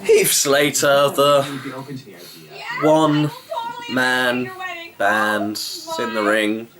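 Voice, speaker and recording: A man's voice: mid-range voice, fairly even intonation, extremely slow, pauses often, crowd noise, rough recording. A man giving a chatty, wry running review of a wrestling show, rambling with fillers. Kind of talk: casual vlog review.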